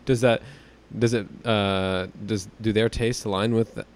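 A low-voiced man co-hosts a casual podcast chat. He delivers his jokes dry and deadpan, and asks questions in an easygoing, offhand way. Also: measured pace, slight background noise. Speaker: podcast co-host.

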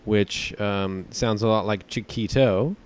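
A low-voiced man co-hosts a casual podcast chat. He delivers his jokes dry and deadpan, and asks questions in an easygoing, offhand way. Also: slow, clear, resonant tone. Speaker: podcast co-host.

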